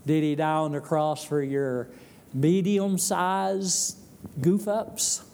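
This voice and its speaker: Slow, gravelly preacher. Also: male voice, fairly high pitch, level tone, a little mellow. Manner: asks the congregation questions, dry asides. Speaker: pastor. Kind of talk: sermon.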